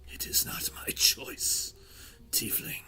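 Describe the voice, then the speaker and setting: A man's voice: slow pace, bright, forceful tone. Man doing a scratchy whispering undead spirit. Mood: mournful. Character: sorrowful undead male guardian spirit, bound. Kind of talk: whispered role-play.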